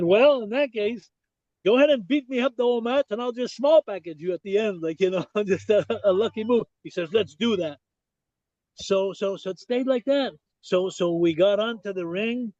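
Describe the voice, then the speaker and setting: Recorded with no room sound, an older man from Quebec speaks with a Québécois French accent as a podcast guest recounting a story. He has a fairly high male voice and an animated manner, looping back with "I said" and frequent restarts over a dull, lo-fi, call-like line.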